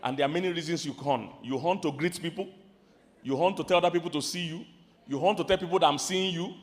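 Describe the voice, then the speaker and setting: High-voiced Nigerian preacher in a reverberant hall. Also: male voice, fast. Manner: swings from shouting emphasis to quiet asides, asks the crowd questions. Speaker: marriage preacher. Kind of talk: sermon to a live audience. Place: large hall with an audience. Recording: hall reverb from a large venue.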